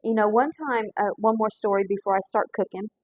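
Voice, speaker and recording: A woman's voice: medium pitch, brisk, husky, no room sound, rough recording. A woman shares a heartfelt personal story as she cooks. Her talk is folksy and earnest, full of restarts, and she sounds close to tears. The sound is dry and close, with a mid-range voice. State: holding back tears. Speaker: pastor and cooking show host. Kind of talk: heartfelt storytelling while cooking.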